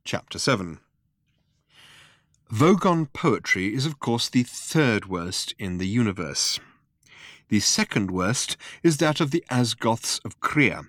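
Low-voiced man reading a comic novel. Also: no echo, studio quality. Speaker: audiobook narrator. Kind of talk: scripted narration.

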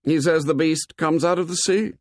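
A man's voice: a little high, steady tone, normal speed, no echo, clean studio sound, voice pushed up, close to an everyday voice. A man reading aloud, voicing a brash, domineering boy who sneers and snaps. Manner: sneering, aggressive.

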